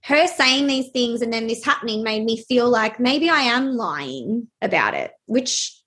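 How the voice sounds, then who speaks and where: A young adult woman telling a personal story in a halting way, with many fillers and restarts. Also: fairly high pitch, fairly bright tone.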